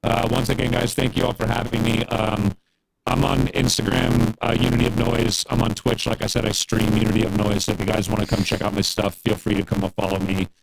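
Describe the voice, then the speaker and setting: A man's voice: fairly low pitch, little pitch movement, a little fast, gravelly, a little hiss or hum, rough recording. A man chatting casually on a livestream as a guest music producer, earnest and encouraging, rambling with fillers.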